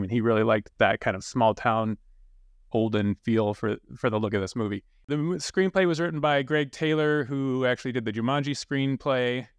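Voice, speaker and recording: A man co-hosting a casual podcast, relaxed and rambling with many fillers. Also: medium pitch, no echo, studio quality. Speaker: podcast co-host.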